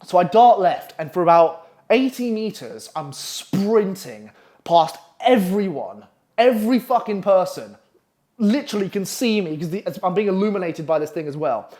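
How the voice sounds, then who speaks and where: A young man telling a story casually, profane and animated with lots of fillers. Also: high-pitched, normal speed.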